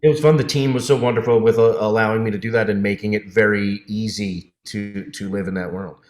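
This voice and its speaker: A man's voice: lowish voice, steady tone, a little fast, reverberant. A man guest in a casual interview about his voice work, enthusiastic, often laughing and restarting his sentences over a video call. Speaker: voice actor guest.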